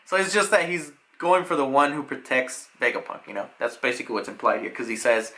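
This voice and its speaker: A young man casually recapping a manga chapter in a loose, rambling way, with lots of fillers, breaking into excited paraphrased lines. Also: mid-range voice, fast, hardly any pauses. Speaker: manga reviewer.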